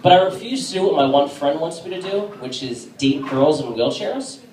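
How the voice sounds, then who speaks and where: A man performing a casual stand-up set on a bar stage, with a halting delivery full of fillers. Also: on the high side, animated, a little mellow, a little hiss or hum. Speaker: stand-up comedian. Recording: echoey room from a distance.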